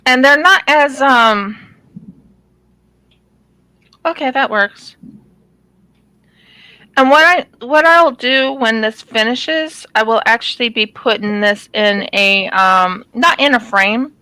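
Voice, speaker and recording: Brief: chatty woman craft vlogger, rambling and casual, bright tone, dry close sound. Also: fairly high pitch, slow pace, pauses often, clean tone, dry recording, rough recording. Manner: rambling, chatty, many ums and restarts. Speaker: craft channel host. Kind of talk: casual chat while diamond painting.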